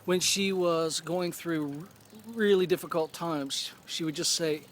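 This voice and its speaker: A man in his forties speaks in a reflective personal vlog, earnest and unhurried, often pausing to gather his thoughts. His voice sits fairly high for a man. A faint hum of background noise runs beneath him. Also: fairly even intonation, a bit bright. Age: 40s. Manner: earnest, thoughtful, with pauses and restarts. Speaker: vlogger.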